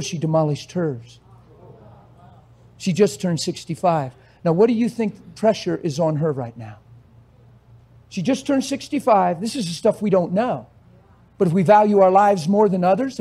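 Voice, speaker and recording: A man preaching a sermon, telling a story and acting out its conversations, his passion swelling into emphatic shouts. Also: sits high.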